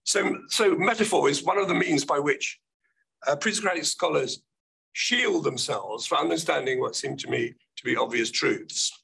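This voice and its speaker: An older man giving an academic keynote lecture, his voice croaky and gravelly, speaking thoughtfully with hesitant restarts. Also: fairly high pitch, normal speed, pushed and bright, rough recording.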